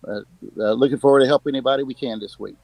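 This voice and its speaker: A man speaking as a guest and business owner, giving a plainspoken sales pitch full of fillers. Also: steady tone, very fast, creaky, a little mellow, dry recording, low-quality recording.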